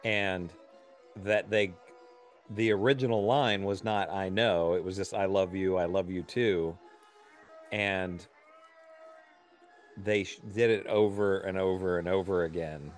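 Low-voiced man chatting about a film. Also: steady tone, unhurried, pauses often, soft background music. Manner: chatty, laughs often, trails off mid-sentence. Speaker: film commentator. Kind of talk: casual movie commentary chat.

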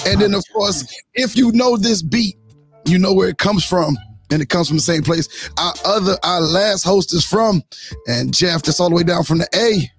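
A man hosting a casual morning show podcast, energetic and sing-song as he hypes up his co-hosts. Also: high voice, a little slow, breathy edge, faint music behind.

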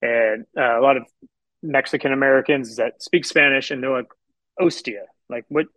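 A man's voice: medium pitch, steady tone, fairly quick, a bit bright, no echo, poor audio. Man from Houston, dry close sound. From Houston, Texas. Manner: rambling storyteller who acts out quotes. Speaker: chef and restaurant owner, guest. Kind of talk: casual podcast interview.

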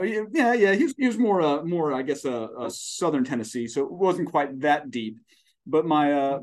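A man in his forties with a medium-pitched, darkish voice appears as a startup CEO guest in a conversational podcast interview. He talks expansively and folksily, drifting into long storytelling tangents.

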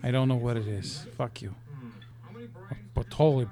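A man's voice: mid-range voice, fairly even intonation, moderate pace, mellow. A man giving casual, profane commentary over a video game, laughing and riffing on impressions. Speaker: let's play commentator.

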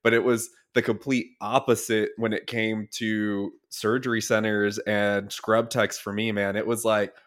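A man co-hosting a casual podcast about device sales, relaxed and agreeable, adding quick asides to his friend's stories. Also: on the low side.

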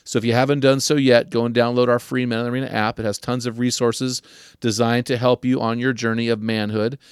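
An older man hosting a podcast, giving earnest advice to men and slowing down to stress key questions. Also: medium pitch, level tone, clean tone, no room sound, studio quality. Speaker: podcast host.

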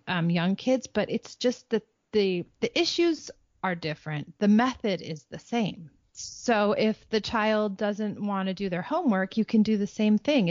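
A woman's voice: mid-range voice, a little mellow, no echo. A woman in her forties gives parenting advice in an easygoing, chatty tone. She slips into goofy, playful voices now and then to show what a parent might say. The sound is dry and close, with a slightly dull, lo-fi edge. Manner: acts out playful silly voices when quoting parents. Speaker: parenting podcast host. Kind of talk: casual conversational advice.

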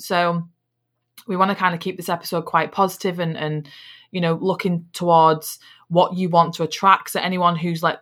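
Young woman, low and bright voice, chatty podcast host, lots of fillers and restarts. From England. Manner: chatty, full of "like" and "you know", restarts phrases. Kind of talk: casual personal chat.

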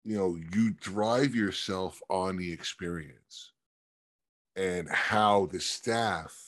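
A man talking casually as a podcast co-host, explaining things in quick bursts with fillers. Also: low-pitched, a bit bright, no room sound, clean studio sound. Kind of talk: casual discussion.

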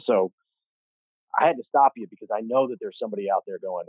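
A male host with a very deep, raspy voice, speaking emphatically as he reframes his guest's story for listeners. The sound is thin and tinny, like a phone line, with no room around it. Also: quick pace, dry recording. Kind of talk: conversational interview.

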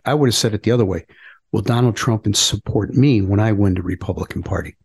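A man's voice: on the low side, fairly quick, darkish tone, breathy edge. A middle-aged man, a politician co-hosting a podcast, talking in a plain-spoken, earnest, folksy way. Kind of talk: casual political chat.

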